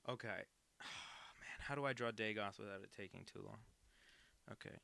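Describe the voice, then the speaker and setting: A man's voice: lowish voice, moderate pace, vocal fry, pushed and bright. A young man in his twenties, a cartoonist on a live stream, chatting casually and self-deprecatingly while he draws and reads out viewers' messages.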